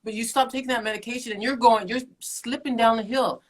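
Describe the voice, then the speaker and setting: A middle-aged woman, a keto coach and podcast guest, telling her story in an animated way, laughing often and acting out quotes. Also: on the high side, fast. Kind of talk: casual interview chat.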